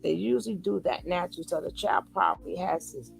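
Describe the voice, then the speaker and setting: A woman's voice: on the low side, fast, gravelly, soft background music. A woman giving casual live reaction commentary, reading the chat and acting out quoted lines with lots of repetition. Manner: animated, repeats quoted lines in different voices; talks back to a live chat.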